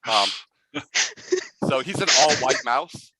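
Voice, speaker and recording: A man's voice: medium pitch, expressive, takes it slowly, sharp tone, slight background noise, poor audio. A man narrating a tabletop game as game master, rambling and full of fillers.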